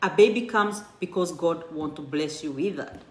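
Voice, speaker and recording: A woman's voice: deep voice, moderate pace. A woman in her thirties giving an earnest, encouraging personal testimony to a church, often restarting her sentences. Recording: echoey room.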